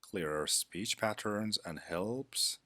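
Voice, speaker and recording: A man narrating a scripted English lesson as a teacher, with a measured, deliberate instructional delivery. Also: on the low side, bright, forceful tone, no echo.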